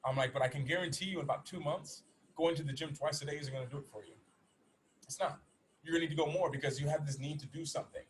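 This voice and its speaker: A man's voice: a little high, fairly even intonation, a little hiss or hum, poor audio. A man in his thirties speaking to an audience as a motivational speaker, telling a personal story earnestly, with frequent restarts. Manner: earnest, rapid, with many restarts. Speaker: motivational speaker and former athlete. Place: in Bali.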